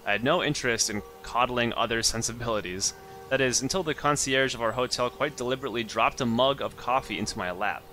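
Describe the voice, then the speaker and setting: A man's voice: medium pitch, fast talker. A man hosting a let's play who reads the game's story text aloud and breaks off into chatty, puzzled asides. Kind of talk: casual gameplay commentary, reading game text aloud. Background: loud game music.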